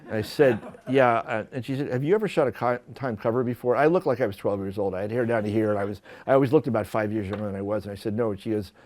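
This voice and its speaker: A man, a photographer, telling stories from his career to an audience in a lively, self-deprecating way with many restarts. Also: lowish voice, quick pace, few pauses. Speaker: photographer giving a talk. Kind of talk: storytelling lecture. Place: lecture hall at an art school.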